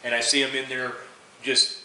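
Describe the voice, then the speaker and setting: A man's voice: mid-range voice, completely flat delivery, moderate pace, bright, forceful tone. A man hosting a casual chat, hesitant, with many fillers and restarts. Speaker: podcast host. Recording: very echoey room with faint noise.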